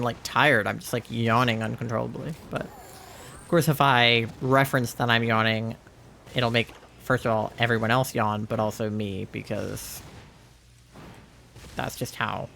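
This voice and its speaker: Gravelly young man chatting on stream. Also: medium pitch, fairly bright tone, slight background noise. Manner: chatty, rambling, many fillers. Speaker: livestreamer. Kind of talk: casual chat while gaming. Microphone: headset.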